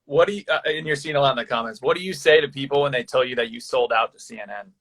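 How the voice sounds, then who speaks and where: A laid-back man in his thirties co-hosts a live online chat and reads out viewer questions. He talks casually, with slang and a joking tone. His pitch is ordinary and mid-range. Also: very fast, fairly bright tone.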